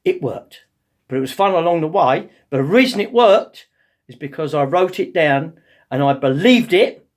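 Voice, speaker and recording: Motivational speaker, cheeky comic storyteller, lively delivery. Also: male voice, a little high, normal speed. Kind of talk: comic personal anecdote.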